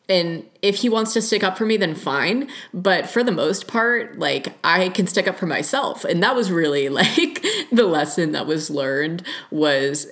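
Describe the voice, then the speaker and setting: A woman's voice: on the low side, expressive, measured pace, hardly any pauses, a bit bright. A young woman hosting a casual solo podcast, talking candidly, laughing often and swearing freely. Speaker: podcast host. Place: lives in rural Oregon.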